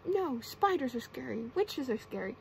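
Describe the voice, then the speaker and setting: Woman reading as a grumpy ghost pirate, whispered role-play, highish soft voice. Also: big pitch swings, normal speed, gravelly, a little hiss or hum, heavily acted, low-quality recording. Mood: menacing. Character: angry ghostly male pirate captain, booming.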